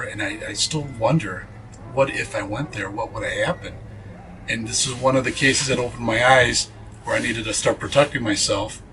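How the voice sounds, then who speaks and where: A man's voice: fairly low pitch, a bit bright, slight background noise, rough recording. Man earnestly telling a ghost story. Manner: earnest storyteller, frequent fillers and restarts. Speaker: paranormal investigator, interview guest.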